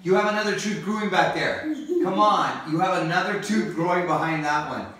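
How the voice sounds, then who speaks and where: A man's voice: high-pitched, a little fast, pushed and bright. A man in his forties, a father and vlog host, coaxing his child in a playful, repetitive way during casual family chat at home. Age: 40s. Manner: coaxing, playful, keeps repeating himself. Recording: echoey room, mic far off, faint hiss.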